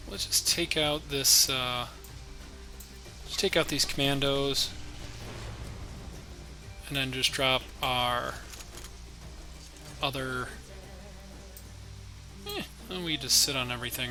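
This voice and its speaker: A man's voice: mid-range voice, takes it slowly, long pauses, bright, forceful tone, faint music behind. A man streaming a card game live, thinking his moves aloud in a chatty way and talking to his opponent and viewers.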